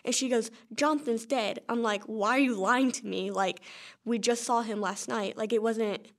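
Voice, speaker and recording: A young woman, a grieving sister, speaking quietly and subdued in a documentary interview, often saying "like". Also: fairly high pitch, steady tone, normal speed.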